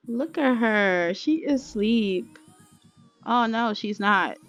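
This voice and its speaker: A woman with a high-leaning, expressive voice hosts a let's play, narrating casual game commentary to her viewers in a chatty, dramatic style. She draws out words and leaves long pauses, with faint music in the background.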